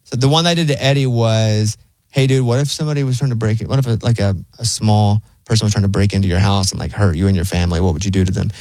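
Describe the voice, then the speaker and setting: A man chatting casually as a show host, an animated storyteller who acts out the lines he quotes. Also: fairly low pitch, fast, no room sound.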